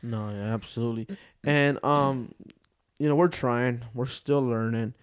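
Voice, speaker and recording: A man's voice: medium pitch, a little slow, smooth. Young guy cohosting a podcast, jokey and loose, cusses a bunch. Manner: joking, swears freely, animated storyteller. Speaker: podcast co-host. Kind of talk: casual chat.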